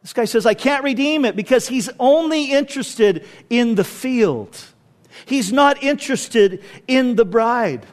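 A man with a high-pitched voice delivers a sermon as a pastor. He keeps it conversational and relaxed, dropping casual asides to his listeners. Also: takes it slowly.

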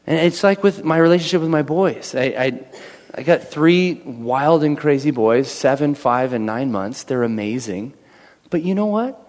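Man in his thirties, pastor, fairly high voice, casual sermon, long church reverb. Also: expressive, normal speed, a little mellow. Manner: conversational, repeats phrases, acts out quoted voices.

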